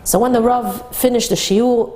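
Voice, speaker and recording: A woman teaching a Torah class for women, retelling a story with animated, dramatic delivery. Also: fairly high pitch, normal speed.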